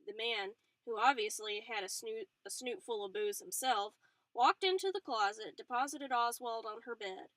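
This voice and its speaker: Bright-voiced woman reading a novel aloud. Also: a little high, moderate pace, no echo, rough recording. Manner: expressive, with small slips and restarts. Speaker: audiobook reader. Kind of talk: storybook narration.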